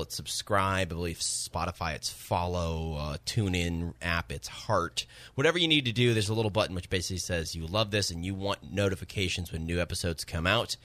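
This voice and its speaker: A man's voice: fairly low pitch, bright, forceful tone, no room sound. A man hosting a radio station podcast, joking easily in casual chat and wrapping up the show. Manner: jokey, easygoing.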